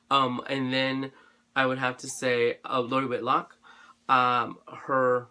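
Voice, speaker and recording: Gushing about his craft supplies to camera, a craft vlogger rambles casually with plenty of fillers and restarts, his throat a little dry. Yet his delivery is completely flat and slow, medium-pitched, bright, forceful, and clean.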